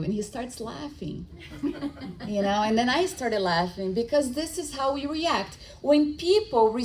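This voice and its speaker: A woman's voice: on the high side, poor audio. A middle-aged woman giving a spiritist lecture, telling stories and acting out the dialogue, with frequent restarts. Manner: animated storytelling with acted-out dialogue.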